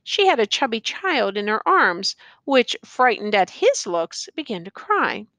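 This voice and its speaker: A woman narrating a classic tale as an expressive audiobook reader. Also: fairly high pitch, measured pace, dry recording. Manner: expressive, storytelling.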